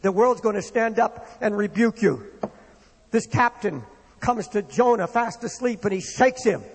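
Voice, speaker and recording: A man's voice: high-pitched, lively intonation, measured pace, slightly rough. A man preaching a sermon with impassioned, rising and falling delivery, in a church hall. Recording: long reverb of a hall.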